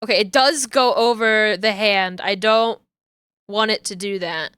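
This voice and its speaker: A woman's voice: mid-range voice, unhurried, fairly bright tone, clear, resonant tone, no room sound. A woman streamer chatting casually while she works, thinking aloud and correcting herself as she goes. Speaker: streamer rigging a 3D model. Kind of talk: casual chat while working.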